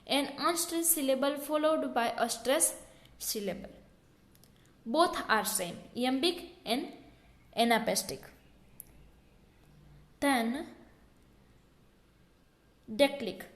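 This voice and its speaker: A woman with a high voice explains exam answers step by step, going back over each point. She speaks slowly and deliberately. The recording has a noticeable room echo. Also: animated. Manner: slow, explanatory, repeats key points. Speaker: teacher. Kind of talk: exam question walkthrough. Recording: echoey room.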